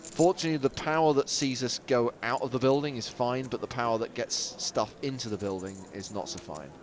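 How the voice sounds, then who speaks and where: A man's voice: medium pitch, a little fast, a little hiss or hum. A man giving wry, precise play-by-play as a poker commentator on a live broadcast.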